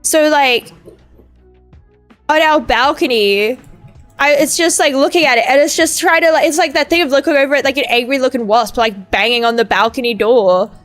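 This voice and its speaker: A woman's voice: high voice, moderate pace, a bit bright. A young woman chatting casually on a gaming stream, rambling and ranting with lots of swearing and fillers. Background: faint game music.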